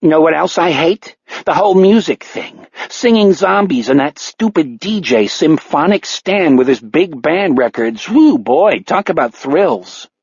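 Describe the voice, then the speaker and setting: A man's voice: a little high, expressive, unhurried, a little mellow, breathy edge, no echo, highs cut off, pitched above the performer's own voice, full character voice. A man reading an audiobook voices a sour, greedy middle-aged nursing home boss who gripes about everything. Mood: griping. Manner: griping, complaining.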